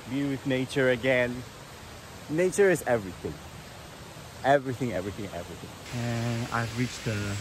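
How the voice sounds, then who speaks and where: Slow-talking man on a forest trail. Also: medium pitch, noisy background. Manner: unhurried, chatty, enthusiastic asides. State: out of breath while climbing. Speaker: travel vlogger. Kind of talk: hiking vlog narration. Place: outdoors on a forest mountain trail.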